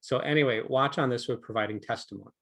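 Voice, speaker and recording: A man's voice: mid-range voice, fast, a bit bright. A man presenting an online training session, talking conversationally with frequent fillers and asides. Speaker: presenter coaching delegates on testimony. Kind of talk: casual online training talk.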